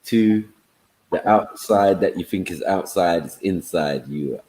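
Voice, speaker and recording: A man speaks in a low, mellow voice. He chats in an easygoing way with lots of fillers, and his voice sounds roomy and echoey. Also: a little slow. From England. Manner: easygoing, filler-heavy, often asks "you get me". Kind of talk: casual chat on a live online panel.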